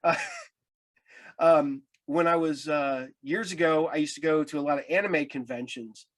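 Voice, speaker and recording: Male podcast host, rambling casual storyteller, slightly high pitch. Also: fairly even intonation, unhurried. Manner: rambling anecdotes with many restarts. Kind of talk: casual interview chat.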